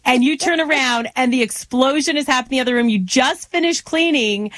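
A woman's voice: high-pitched, fairly quick, fairly bright tone. A woman co-hosting a casual chat, speaking emphatically and encouragingly to listeners.

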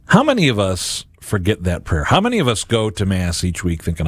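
A man's voice: deep voice, fairly quick, breathy edge, dry recording, clean studio sound. A man hosting a Catholic radio and podcast show, giving a homily-like reflection and acting out imagined voices. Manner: animated, acts out imagined voices.

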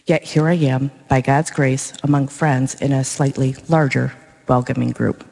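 A woman's voice: rumbling low, fairly even intonation, normal speed, gravelly, darkish tone. A woman from a parish evangelization commission giving her personal faith testimony to a congregation in an earnest, plain-spoken, heartfelt way. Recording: long reverb of a large church.

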